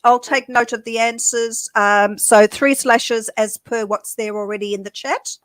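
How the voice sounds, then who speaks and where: A woman's voice: on the high side, steady tone, a little slow, fairly bright tone, no echo. A woman co-hosting a casual live-stream chat, giggly and reading out viewer comments. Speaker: co-host.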